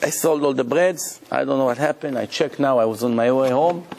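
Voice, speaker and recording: A man's voice: mid-range voice, fairly quick, creaky, a little mellow, a little hiss or hum, lightly acted. A man telling of a frightened crying young boy. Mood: desperate. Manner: pleading, repeats himself in a rush.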